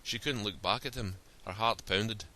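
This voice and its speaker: A man reads a story aloud in a steady, plain style. His voice sits fairly low but comes across forceful and sharp-edged. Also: normal speed. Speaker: narrator. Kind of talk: storybook reading.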